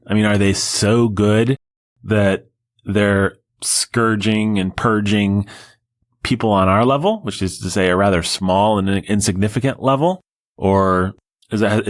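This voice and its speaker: Wry, digressive podcast host. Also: male voice, fairly low pitch. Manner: wry and digressive, with sarcastic asides. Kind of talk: casual solo podcast monologue.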